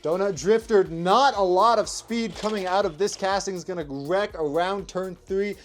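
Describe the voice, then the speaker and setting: A young man hosting his channel, giving energetic play-by-play commentary on toy car races. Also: high-pitched, normal speed, faint music behind. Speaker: toy car race host. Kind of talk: race commentary vlog.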